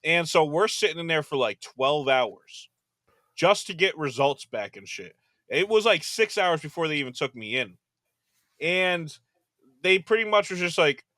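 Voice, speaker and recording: A young man co-hosting a casual podcast, telling stories in an animated, profane way and loudly acting out quotes. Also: on the high side, measured pace, no echo, clean studio sound. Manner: animated, profane storytelling with loud acted quotes. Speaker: podcast co-host. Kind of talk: casual chat.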